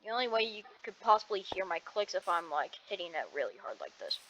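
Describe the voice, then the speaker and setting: Very animated and fast-talking, a woman with a fairly low voice comments casually on her gameplay against a noisy background. The streamer rambles to herself at her home computer desk, cutting off mid-sentence, using a cheap headset mic held away from her mouth.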